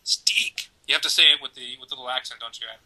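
A man's voice: medium pitch, fairly even intonation, very fast, sharp tone, low-quality recording. A man co-hosting a parenting podcast, rambling and joking with many fillers as he hands out giveaways. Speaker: podcast co-host. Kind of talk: casual chat, giving away prizes.

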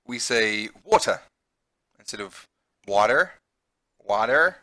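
A man's voice: lowish voice, pushed and bright, dry recording. A man with a New Zealand accent who teaches English, reading a visual novel aloud and chatting in a teacher's explaining way.

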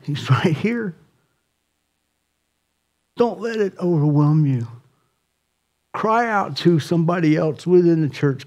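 A man preaching a sermon as pastor, swinging from impassioned, near-shouted appeals to soft, quiet pleading. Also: sits high, a little slow, long pauses.

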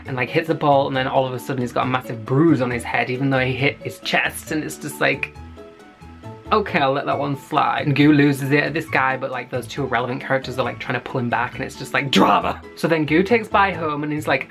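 A man's voice: medium pitch, fairly even intonation, fairly quick, creaky, fairly bright tone, faint music behind. A man giving a casual, profane recap of a web series and acting out the characters' lines.

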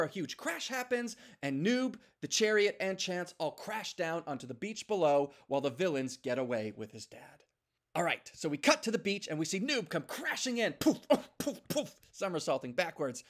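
A man, a story artist, narrating a storyboard pitch in an animated way, adding sound effects as he goes.

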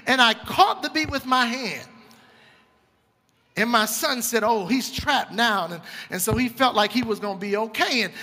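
High bright-voiced preacher man. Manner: preaching with rising call-and-response fervor. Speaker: pastor. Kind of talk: sermon. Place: church sanctuary. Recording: reverberant church hall with music.

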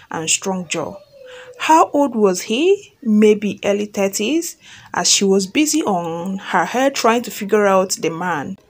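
A woman who reads a fan story aloud and then retells it chattily, often checking in with listeners and repeating herself. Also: mid-range voice.

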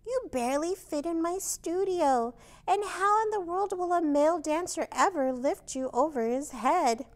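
A woman's voice: very high voice, expressive, a little slow, voice pushed up. A woman playing a prim, gracious ballet teacher in a storybook read-aloud, speaking formally and giving commands.

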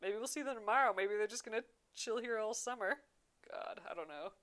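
A young woman hosts a casual embroidery livestream, chatting, reading viewer comments aloud and laughing often. Her voice is a little high, brisk and a bit bright.

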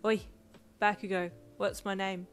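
A woman narrator puts on an excitable teenage boy in a storybook, playful and teasing, his lines lifted a little brighter than the narration. He never stops poking fun at his friend, in a middle-pitched voice. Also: unhurried, soft background music, close to an everyday voice. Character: teasing, easily amused teenage boy classmate.

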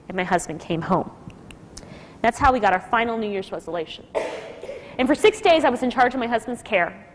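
A woman with a high voice tells a personal story to a live audience, emotional and lively as she acts out the people she quotes. Her voice rings in a lecture hall with a long echo tail. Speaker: speaker at a nursing school talk.

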